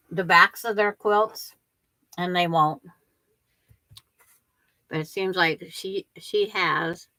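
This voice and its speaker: Older woman, livestream host, chatty and rambling; slow pace, somewhat low pitch. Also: pushed and bright, no echo. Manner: chatty, rambling, restarts sentences. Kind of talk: casual livestream chat with viewers.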